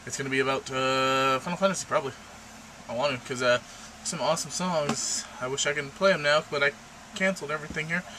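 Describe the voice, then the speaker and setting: A young man rambling and joking in a casual vlog from his room at the computer, with random asides. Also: quick pace. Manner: random, jokey, rambling with sudden pitch jumps. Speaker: vlogger. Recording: noisy home recording.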